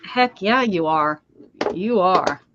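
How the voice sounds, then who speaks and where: A woman's voice: on the low side, expressive, slow, noisy background. A woman hosting a casual craft livestream, chatting and rambling with friends as she works, laughing often. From Pennsylvania. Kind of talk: casual chat while crafting. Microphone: desk setup with downward-pointed camera. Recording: slightly dull dry sound.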